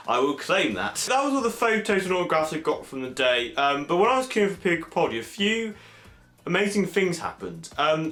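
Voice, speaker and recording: A young man from England chatting excitedly in a casual vlog, full of fillers and animated asides. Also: fairly high pitch. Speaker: vlogger. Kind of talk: casual convention recap vlog. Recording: echoey room.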